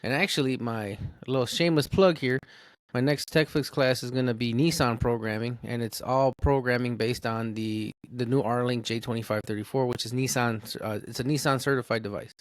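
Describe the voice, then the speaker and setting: A man's voice: medium pitch, steady tone, moderate pace, dry recording. A man co-hosting a podcast in casual talk, joking and downplaying himself.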